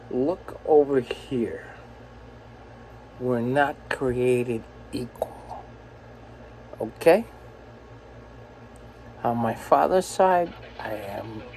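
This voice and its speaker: A man's voice: on the high side, a little mellow, slight background noise, poor audio. A man in his forties, a truck driver, ranting in a profane, angry, rambling way while filming himself on a phone in his truck cab. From United States. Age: 40s. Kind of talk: ranting self-filmed vlog.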